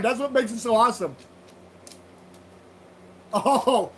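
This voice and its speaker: A man's voice: sits high, lively intonation, normal speed, long pauses, a bit bright, slight background noise, rough recording. A man hosting a livestream, chatting loosely with viewers, swearing freely and laughing at their comments. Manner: loose, profane, laughing banter. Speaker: livestream host. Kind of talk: casual livestream chat with viewers.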